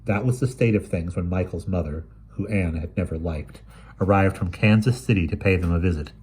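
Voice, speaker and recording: A man reading a short story aloud in a measured, expressive way. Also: low-pitched, a little hiss or hum. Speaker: reader.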